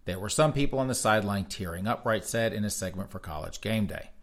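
A talk show host with a fairly low voice reads news headlines aloud at a quick pace in a flat news cadence. Between read-outs he breaks into sarcastic, mocking asides, keeping the commentary casual.

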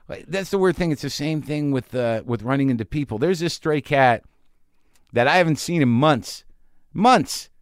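Man, middle-aged, podcast host, rambling, profane, self-deprecating, clear resonant voice, mid pitch. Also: no room sound, clean studio sound. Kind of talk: casual monologue and interview.

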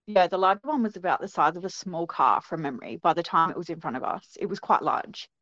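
A woman's voice: lowish voice, lively intonation, quick pace, fairly bright tone, dry recording, lo-fi sound. A woman, recounting what she saw in a casual interview, earnest and hesitant with many ums. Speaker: guest recounting a sighting.

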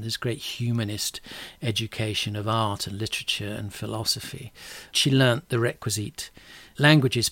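A man's voice: medium pitch, no room sound. A middle-aged man telling history in a casual, chatty way, with wry asides. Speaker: podcast host.

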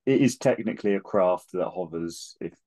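Wry man with a low voice. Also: moderate pace, warm tone. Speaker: podcast co-host. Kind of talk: casual chat.

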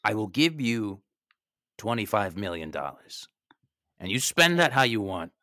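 A man's voice: fairly low pitch, big pitch swings, a little slow, sharp tone, dry recording, clean studio sound. A man co-hosting a comedy podcast, improvising as a pompous rich film producer. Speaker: podcast co-host.

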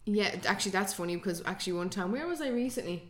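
A woman's voice: medium pitch, expressive, slight background noise. A woman in her twenties with an Irish accent, a podcast guest chatting easily and laughing often. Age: 20s. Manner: laughs often, easygoing, quick asides. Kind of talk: casual chat.

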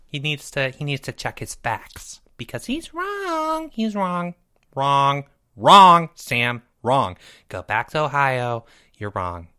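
A woman's voice: a bass voice, big pitch swings, slow, sharp tone, clear, resonant tone, exaggerated voice. A woman voicing a goofy, boastful young male podcaster who rambles and stammers and insists he never cries. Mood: defensive. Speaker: podcast co-host. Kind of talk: comedic podcast banter.

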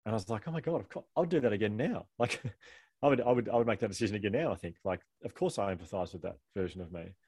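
Fast-talking man, rambling and laughing. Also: lowish voice, a little mellow, breathy edge, dry recording. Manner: fast, rambling, self-deprecating, laughing often. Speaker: guest author. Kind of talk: candid conversational storytelling.

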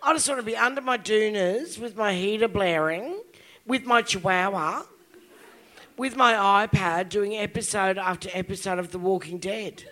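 A woman's voice: medium pitch, moderate pace, fairly bright tone. A woman in her fifties with an Australian accent doing live stand-up comedy, crude and full of swearing. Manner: bawdy, crude, heavy swearing. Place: live comedy venue stage.

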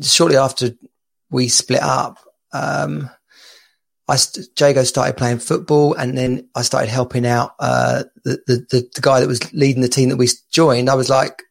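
A man co-hosting a podcast as a dad coach, in casual chat, talking in quick restarts and laughing often, heard over a video call. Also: medium pitch, vocal fry.

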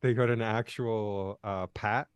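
A man co-hosting a podcast in casual chat, laid-back and halting, often chuckling. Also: lowish voice, steady tone, smooth, dry recording. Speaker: podcast co-host.

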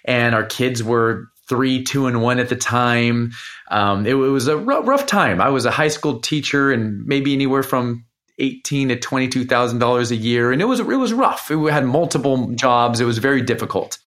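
A man in his forties, a performance coach on a podcast, tells a personal story in an earnest, heartfelt way. His voice sits at an ordinary middle pitch for a man. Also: lively intonation, moderate pace, a bit bright.

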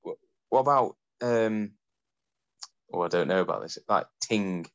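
A man's voice: low-pitched, expressive, no room sound. A man co-hosting a podcast, chatting casually in a playful way. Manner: playful, quick to laugh and guess. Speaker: podcast co-host. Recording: slightly dull, muffled sound.

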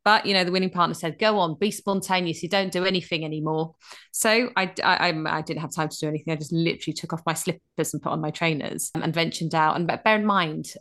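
Chatty woman, low voice. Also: fast, hardly any pauses. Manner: chatty, animated, many restarts. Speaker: radio co-host. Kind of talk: casual chat and film review.

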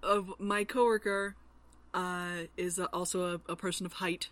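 A woman co-hosting a casual podcast chat, telling a story haltingly with many fillers. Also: fairly low pitch, flat delivery, fairly bright tone. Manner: hesitant storytelling with many ums and uhs. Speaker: podcast co-host.

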